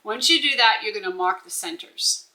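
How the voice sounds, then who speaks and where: Woman instructor, crisp bright voice, patient step-by-step sewing walkthrough. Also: medium pitch, animated, normal speed, low-quality recording. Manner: instructive, checks in with "okay?". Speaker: bag-making instructor.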